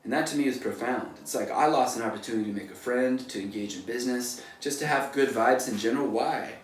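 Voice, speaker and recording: A man's voice: medium pitch, fast talker. Casual rambly guy, mid voice, echoey room with faint hum behind. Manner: rambling, loose, full of "like" and "you know". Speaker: painter. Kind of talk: casual motivational talk. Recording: echoey room, distant mic, faint noise.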